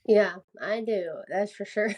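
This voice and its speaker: A woman's voice: mid-range voice, a little slow, a little mellow. A young woman from the American South chatting casually as a podcast guest, laughing often and filling her speech with "like". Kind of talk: casual interview chat.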